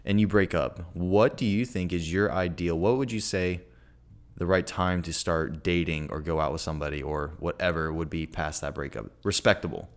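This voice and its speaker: A man's voice: deep voice, normal speed. A young man co-hosting a podcast, chatting casually with slangy phrasing. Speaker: podcast co-host. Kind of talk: casual chat.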